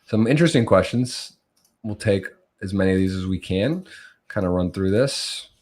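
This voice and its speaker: A man's voice: deep voice, animated, normal speed, darkish tone. A man hosting a live-streamed poker podcast, chatty and upbeat, often restarting his sentences. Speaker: podcast host.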